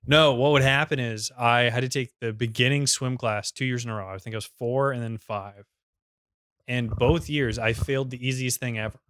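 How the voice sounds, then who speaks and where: A man's voice: medium pitch, fairly even intonation, normal speed, a bit bright, dry recording, studio quality. A man co-hosting a podcast, ranting in casual chat with a fired-up, profane manner. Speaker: podcast co-host.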